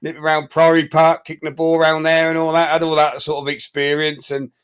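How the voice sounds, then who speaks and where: A man's voice: fairly high pitch, monotone, brisk, a bit bright, smooth. An older man from London with a London accent mixed with West Country, chatting casually as a guest, laughing often as he tells stories. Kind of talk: casual chat.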